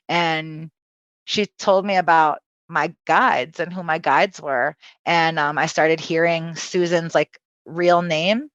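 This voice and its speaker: A woman who is a podcast guest and spiritual healer, telling a personal story with animated, profane energy and acting out quotes. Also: lowish voice, a little slow, no room sound, muffled recording.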